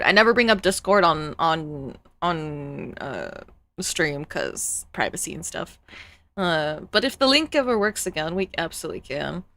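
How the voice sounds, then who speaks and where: A woman's voice: medium pitch, a bit bright, no room sound. A woman streamer chatting live while reacting to videos, rambling and exclaiming.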